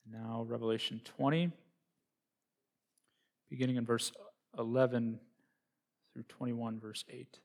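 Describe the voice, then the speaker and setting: A man giving a liturgical Bible reading at a church service, in a measured, solemn declaiming manner with raised emphasis on key words. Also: mid-range voice, fairly even intonation, vocal fry, a little mellow. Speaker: scripture reader.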